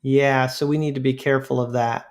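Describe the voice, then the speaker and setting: A man's voice: mid-range voice, level tone, fairly quick. A man hosting a casual podcast chat, asking questions and laughing easily. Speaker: podcast host.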